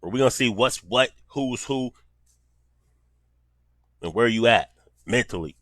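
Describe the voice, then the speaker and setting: A man's voice: mid-range voice, a little slow, a bit bright, no room sound. A man giving casual commentary in blunt, profane street talk.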